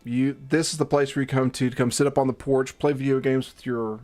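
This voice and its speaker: A man's voice: mid-range voice, flat delivery, fairly quick, darkish tone, faint music behind. A man streaming a game, narrating it with jokes, frequent swearing and theatrical outbursts. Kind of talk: casual live-stream chat and game narration.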